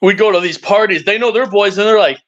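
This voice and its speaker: On a live stream, a young male guest rattles off rowdy, profane stories in casual conversation, talking fast in a high voice with lots of animation. The stream audio from his mic is dull and lo-fi.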